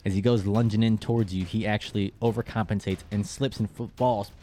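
A man's voice: fairly low pitch, fairly even intonation, a little fast, background noise. A man narrating a tabletop game as game master, patiently explaining rules and laughing often.

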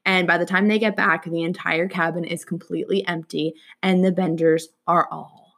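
Young female podcast co-host, lowish voice, animated storyteller who acts out every quote. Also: moderate pace, creaky. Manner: animated, acts out quotes with big pitch jumps and whispers. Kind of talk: casual true-crime storytelling chat.

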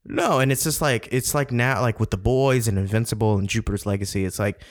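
A man's voice: on the low side, fairly even intonation, fairly quick, no room sound, studio quality. Profane, laid-back podcast guy. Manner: profane, rambling, laughs often. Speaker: podcast co-host. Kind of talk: casual chat.

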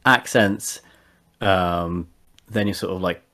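A man with a very low voice talks casually about tabletop games. He hesitates often, piling up fillers and restarting his sentences as he thinks aloud. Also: slow pace, bright, forceful tone. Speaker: podcast guest.

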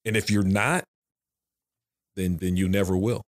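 A man's voice: low-pitched, steady tone, measured pace. A man who is a father of three, talking frankly and emphatically in a casual podcast conversation, repeating his phrases as he goes.

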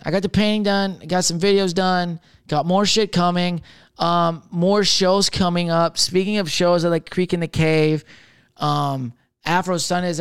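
Young guy doing a solo comedy podcast, kinda high smooth voice, rambly and swears a lot. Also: no room sound, clean studio sound. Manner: loose, rambling, swears freely, laughs at himself. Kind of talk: casual solo chat.

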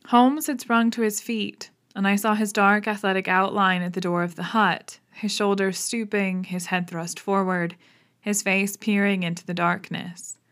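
A woman narrating a classic novel in a steady, suspenseful storytelling manner. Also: medium pitch, normal speed. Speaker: audiobook narrator. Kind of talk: dramatic audiobook narration.

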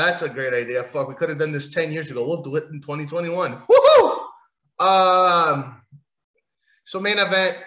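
A man rants in a bright, slightly higher voice, sarcastic and rambling, swearing freely as he recaps a wrestling show. His voice rings around an echoey room. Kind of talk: casual profane rant recap.

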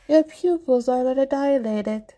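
A woman voicing a calm, matter-of-fact male doctor. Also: sits high, normal speed, pitched above the performer's own voice, natural voice. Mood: clinical.

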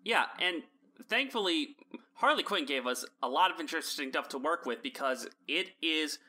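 A man hosting a podcast in casual chat, chatty, with frequent restarts and quick asides. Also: a little high, expressive, sharp tone. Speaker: podcast host.

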